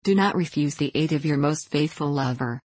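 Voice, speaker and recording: An earnest young king from a storybook, begging and true-hearted, as the reader puts him on. The voice sits at a middling pitch. It is dry and close, with no room sound. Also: fairly quick, darkish tone, dry recording, natural voice. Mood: pleading. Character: young king, desperate faithful lover. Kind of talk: storybook reading.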